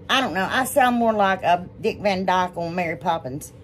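A woman's voice: on the low side, animated, a little slow, slight background noise. A woman hosting a casual crafting vlog, rambling and gushing over what she shows. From United States. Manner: rambling, gushing, says y'all often. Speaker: DIY crafts channel host.

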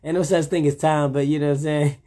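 A man's voice: a little high, flat delivery, fast, dark tone. A man, rambling in a laid-back, casual monologue, often saying "you know what I'm saying". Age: 30s.

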